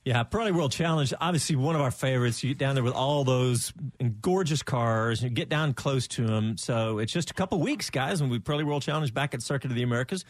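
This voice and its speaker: A man on a radio show talks fast with a bright, upbeat energy, his voice dry and close to the mic. He runs the show and introduces the guests. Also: medium pitch, no room sound. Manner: quick, upbeat, enthusiastic. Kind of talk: casual radio chat.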